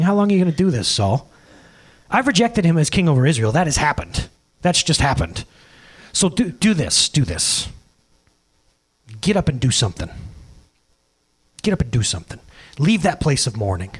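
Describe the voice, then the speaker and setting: Male pastor in his thirties, high voice with big swings, animated and jokey sermon delivery. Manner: animated, jokey storytelling with laughs and quick asides.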